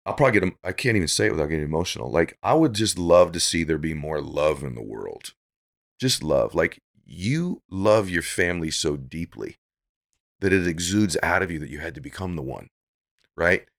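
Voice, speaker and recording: A man's voice: low-pitched, lively intonation, fairly quick, creaky. A middle-aged man speaking as a podcast guest, giving earnest, preachy motivational talk that builds to emphatic peaks.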